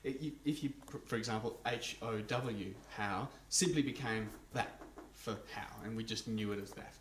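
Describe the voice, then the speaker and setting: Man, co-performer, explanatory and relaxed, echoey live venue. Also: on the low side, moderate pace, far from the mic, slight background noise. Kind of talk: live comic stage show. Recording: echoey live stage recording.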